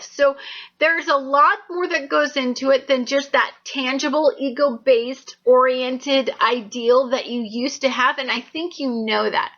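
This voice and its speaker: A woman's voice: high voice, pushed and bright, lo-fi sound. A woman astrologer giving a monthly horoscope reading in an earnest, rambling, intuitive way.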